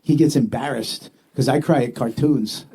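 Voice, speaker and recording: A man co-hosting a comedy podcast in a radio studio, excitable and stammering through restarts. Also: medium pitch, normal speed. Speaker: podcast co-host. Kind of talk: casual comedy podcast chat.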